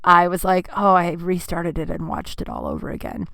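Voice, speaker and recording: A woman's voice: lowish voice, huge pitch swings, moderate pace, vocal fry, fairly bright tone, no room sound, clean studio sound. A woman in her thirties hosting a podcast, telling a rambling, candid story in casual chat and acting out the voices of people in it. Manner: candid, rambling, swears freely, acts out quotes. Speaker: podcast host.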